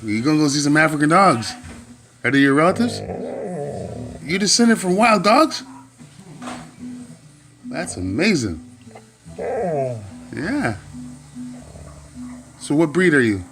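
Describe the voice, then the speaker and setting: Playful man with a lively voice. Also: on the high side, slow pace, pauses often, faint music behind. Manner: teasing, questioning, playful with puns. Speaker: dog owner. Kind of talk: playful one-sided chat with his dog.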